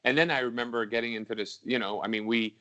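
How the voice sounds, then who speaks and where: A man hosting a casual chat, a musician, reminiscing in a relaxed, loose and profane way. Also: mid-range voice, fast, lo-fi sound. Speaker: musician and host. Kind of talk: casual conversation.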